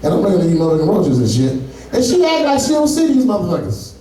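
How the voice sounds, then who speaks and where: High-voiced male comic, echoey and distant. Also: wildly swooping pitch, quick pace, dark tone. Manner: profane, loose storytelling with asides to the audience. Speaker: stand-up comedian. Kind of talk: stand-up comedy set. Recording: echoey room, far from mic.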